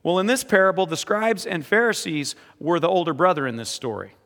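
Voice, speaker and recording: A man preaching a sermon as pastor, moving between quiet, earnest reading and emphatic exhortation. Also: high voice, very animated, a little fast. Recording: echoey hall with long reverb.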